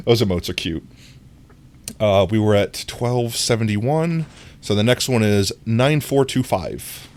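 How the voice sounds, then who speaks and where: Live streamer, casual gameplay chat, giggly and playful, pitch swings wildly up into squeaks. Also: expressive, unhurried, darkish tone. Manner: playful and giggly, often jumping into a squeaky high voice.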